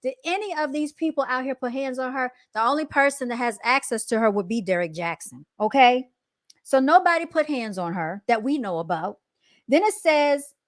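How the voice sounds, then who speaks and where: A woman hosting a casual reaction commentary, animated and emphatic, often calling out to her viewers. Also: high voice, dry recording, studio quality. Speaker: commentary host.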